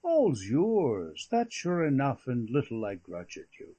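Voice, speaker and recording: A man reading an audiobook, voicing a charming, scheming young nobleman with hearty, mocking friendliness and a husky voice. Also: medium pitch, huge pitch swings, a little slow, mellow. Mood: jovial.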